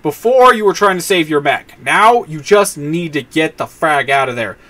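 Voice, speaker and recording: A male game streamer gives casual commentary as he plays. His voice sits a little high, and he launches into long rants about the story, swapping in mild stand-ins for curse words. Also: lively intonation, moderate pace, bright, forceful tone. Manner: ranting, swaps in mild words for swearing.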